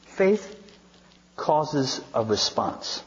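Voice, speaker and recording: A man's voice: mid-range voice, sing-song, extremely slow. A male pastor preaching a sermon, retelling scripture in a conversational, storytelling way with wry asides. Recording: dull sound with long hall reverb.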